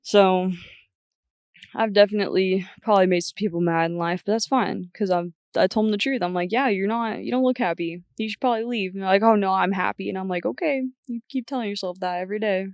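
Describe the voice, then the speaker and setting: A woman's voice: medium pitch, quick pace, a little mellow, no echo, studio quality. A young woman guest on a podcast, talking bluntly and chattily, often quoting herself. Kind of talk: casual chat.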